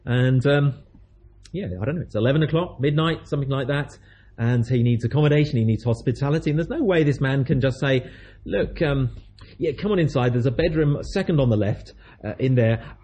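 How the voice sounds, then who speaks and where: A man's voice: medium pitch, fairly quick, warm tone, husky. A man preaching a sermon, telling a story in a chatty way and acting out the voices of its people.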